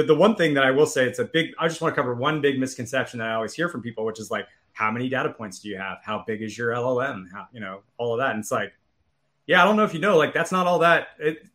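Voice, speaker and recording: A man's voice: on the high side, sharp tone. A man co-hosting a tech podcast in casual chat, rambling with many restarts and fillers. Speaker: podcast co-host.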